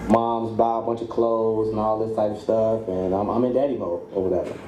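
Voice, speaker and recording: A man's voice: fairly low pitch, brisk. A man casually telling a personal story, acting out the voices of the people in it and laughing along the way. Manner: animated, acts out quoted voices, laughs mid-story. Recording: roomy echo with faint background noise.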